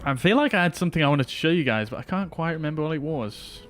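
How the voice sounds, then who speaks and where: A man's voice: on the high side, expressive, fast talker, faint music behind. A man streaming a flight simulator, chatting casually with his viewers as he flies. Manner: chatty, talks to chat while flying. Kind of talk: casual live-stream commentary.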